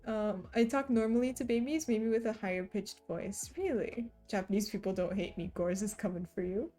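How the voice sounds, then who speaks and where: Woman streamer, casual and giggly, mellow tone, soft music underneath. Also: mid-range voice, moderate pace. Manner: chatty and giggly, often laughing. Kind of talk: casual chat while reading chat aloud.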